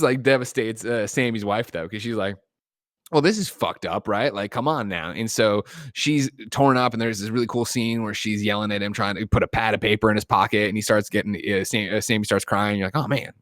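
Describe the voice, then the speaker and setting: A man hosting a podcast and casually retelling a film plot, animated and profane, slipping into quick voiced asides. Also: fairly low pitch, dry recording, clean studio sound. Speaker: podcast host. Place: studio.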